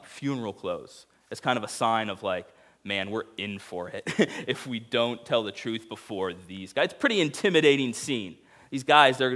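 Male preacher, young adult, sermon, animated storytelling, acts out quotes. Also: medium pitch. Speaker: pastor.

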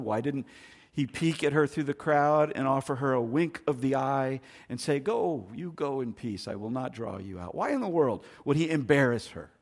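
This male pastor's mid-range voice has a husky, breathy texture. His sermon shifts from forceful, pressing emphasis to soft, murmured asides, very much a pulpit delivery.

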